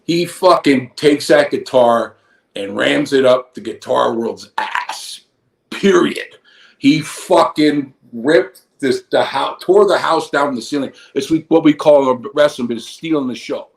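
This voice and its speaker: Gravelly fifties guy swearing his way thru a rambling story, bit high voice, echoey room. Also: unhurried. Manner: profane, rambling, animated. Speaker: guest, former pro wrestler. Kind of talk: casual storytelling.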